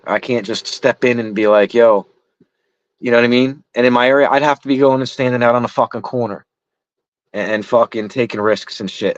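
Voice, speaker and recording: A man's voice: on the low side, no room sound. A middle-aged man in casual chat, frustrated and rambling, swearing heavily. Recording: dull lo-fi sound.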